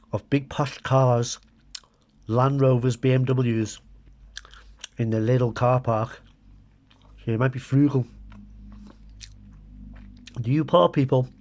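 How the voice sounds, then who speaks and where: A man's voice: medium pitch, darkish tone. A middle-aged man from Britain chatting casually to camera while taste-testing food, with wry, muttered asides to his viewers. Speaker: food vlogger. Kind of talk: casual comic taste-test chat to camera.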